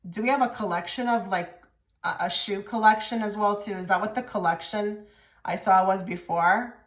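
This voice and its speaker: A woman's voice: medium pitch, moderate pace. A woman giving a casual tarot reading to camera, direct and blunt, with many filler likes. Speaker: tarot reader. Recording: echoey room.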